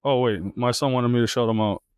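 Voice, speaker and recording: A man in his thirties co-hosting a podcast, telling stories in loose, profane, animated casual chat. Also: medium pitch, fairly quick, clean tone, dry recording. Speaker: podcast co-host. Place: indoor podcast setup.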